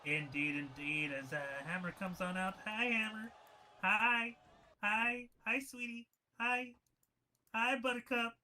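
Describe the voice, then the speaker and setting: A man commentating a wrestling match with a high, very bright voice. He talks slowly and chattily, then laughs and shouts at the big hits. His delivery is loose and full of fillers. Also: low-quality recording. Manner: chatty, many fillers and restarts. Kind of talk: live play-by-play commentary.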